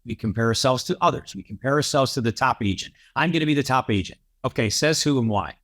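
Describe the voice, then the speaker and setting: A man's voice: medium pitch, fast talker, a bit bright. A man who is a podcast guest and real estate coach, talking in a punchy, repetitive way and laying out his points one by one. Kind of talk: emphatic coaching talk.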